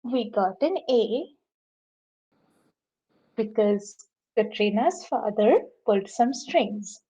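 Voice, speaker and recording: A woman voicing an exasperated, sharp-tongued teenage superhero in a tabletop game. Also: a little high, lively intonation, slow, slightly rough, full character voice. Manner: dry, sarcastic. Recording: slightly muffled lo-fi mic.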